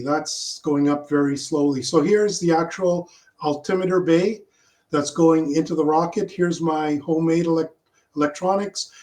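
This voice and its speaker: Guy with a kinda high voice on a video call going over his rocket pics, lots of uhs and restarts. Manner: halting, with many fillers and restarts. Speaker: club member presenting his rocket launch. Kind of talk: casual slideshow presentation.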